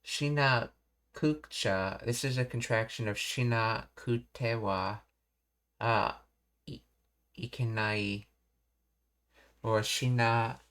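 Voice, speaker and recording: Male learner, slow and halting, thinking aloud through grammar notes with frequent restarts. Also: fairly low pitch, a bit bright. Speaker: Japanese learner walking through anime dialogue. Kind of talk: thinking-aloud study session.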